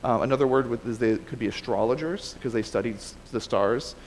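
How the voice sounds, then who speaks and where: A preacher gives a relaxed, conversational sermon with scripture reading in a church sanctuary, speaking a little fast at a middle pitch. He often restarts and corrects himself. A long hall reverb carries his voice over faint background noise.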